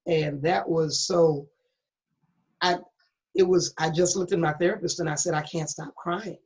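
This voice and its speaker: A woman's voice: low voice, steady tone, normal speed, a little mellow. A middle-aged woman pastor tells her own story in an interview, candid and earnest, with a preacher's emphasis. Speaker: pastor and guest. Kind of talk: personal testimony in an interview. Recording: dull lo-fi recording.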